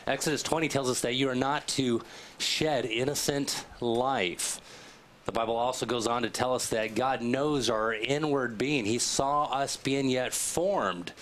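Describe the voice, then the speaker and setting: A man's voice: mid-range voice, a little hiss or hum. Folksy man explaining with acted examples. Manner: folksy, acts out little dialogues. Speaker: ministry team member answering questions. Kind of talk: explaining a question in a talk show.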